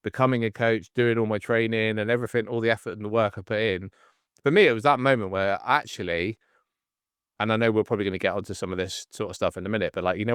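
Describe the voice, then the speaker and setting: A man in his forties hosting a casual podcast chat, telling stories in an animated way and acting out the people in them. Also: fairly low pitch, clean tone, no room sound, clean studio sound. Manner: animated storyteller, acts out the voices in his stories. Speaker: podcast host and coach.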